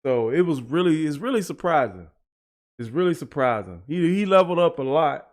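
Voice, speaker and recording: A man's voice: a little high, animated, a little fast. A man hosting a music reaction video, chatting casually, breaking down lyrics and laughing often.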